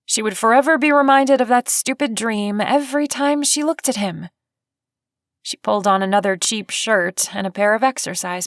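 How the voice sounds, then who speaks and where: A woman narrating a romance audiobook in measured, even storytelling. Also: medium pitch, no room sound, studio quality. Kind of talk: scripted narration.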